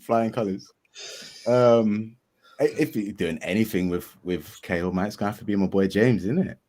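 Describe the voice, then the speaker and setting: A man's voice: lowish voice, normal speed, dark tone. A man chatting as a guest on a podcast, joking loosely and laughing often. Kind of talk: casual podcast chat.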